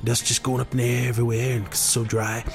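Gravelly man rambling through a tall tale. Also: mid-range voice, little pitch movement, quick pace, music in the background. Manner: meandering, many uh fillers. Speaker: storyteller.

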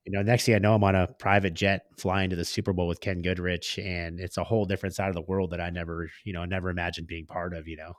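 A man with a very low voice tells his stories as a podcast guest. His talk is slangy and candid, and he acts out the people he quotes. The recording is dry, close and clean, with no room sound. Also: flat delivery, quick pace, hardly any pauses, no echo. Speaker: podcast guest, business owner. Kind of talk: casual storytelling in conversation.

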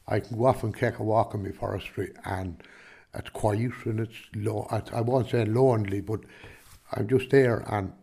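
A man's voice: lowish voice, fairly even intonation, moderate pace, gravelly, dark tone, husky. A man with a Kilkenny Irish accent, a farmer answering interview questions in a rambling, chatty way, full of restarts and "do you know what I mean". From Ireland.

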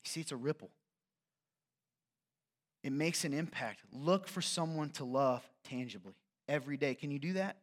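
A man's voice: fairly high pitch, normal speed, long pauses. A man preaching a sermon in a conversational, jokey way, often checking in with the congregation. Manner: conversational, jokey preaching with frequent "right?" asides. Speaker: pastor.

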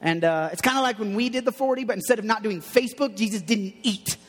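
Fast-talking and high-voiced, this youth pastor preaches a casual, playful message to young people. Stories and acted-out quotes fill the sermon, and the room gives it a long hall reverb.

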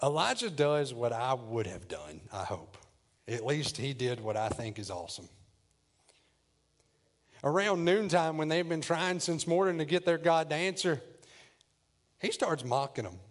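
A preacher tells a story from the pulpit with playful humor and energy. His voice sits a touch high, and he speaks in a casual, conversational sermon style. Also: a little slow, long pauses, a little hiss or hum. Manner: lively, jokey retelling. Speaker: pastor.

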